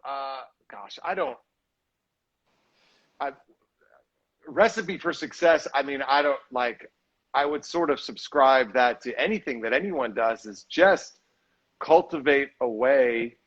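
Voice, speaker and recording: A man's voice: medium pitch, slow pace, pauses often, fairly bright tone, dull audio. A man, an actor and director, talking casually and reflectively in a live video chat, rambling a little and sounding tired. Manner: reflective, rambling, self-deprecating.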